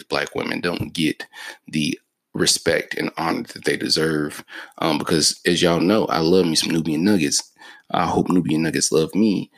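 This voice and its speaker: A man's voice: extremely low pitch, vocal fry, no echo. A man in his thirties hosting a solo podcast, telling stories in a profane, joking, laid-back way. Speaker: podcast host. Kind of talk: casual solo podcast storytelling.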